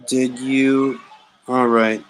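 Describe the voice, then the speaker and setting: This boxing talk show host hosts a livestream, kidding around in casual slang and repeating his catchphrases. His medium-pitched voice stays level and moves extremely slowly, and the recording is rough.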